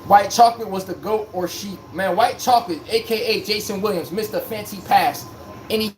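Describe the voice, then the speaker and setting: A man's voice: sits high, normal speed, a little hiss or hum. A man hosting a live sports stream, talking in a joking, rambling, slangy way. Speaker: livestream sports podcast host. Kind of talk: casual live-stream chat.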